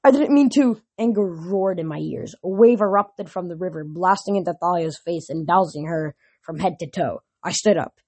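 A woman narrating a novel aloud in a plain, steady reading voice. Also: fairly low pitch, normal speed, few pauses, breathy edge.

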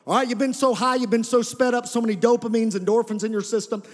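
High-voiced preacher in an echoing hall. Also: male voice, steady tone, fast. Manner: conversational preaching with calls to the congregation. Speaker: pastor. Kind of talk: sermon. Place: church sanctuary. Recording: long hall reverb.

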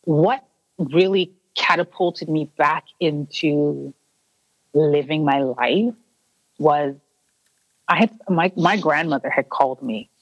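A woman's voice: low-pitched, slow pace, dry recording, dull audio. A woman interview guest earnestly recounting a personal story, restarting her sentences and acting out the voices she quotes.

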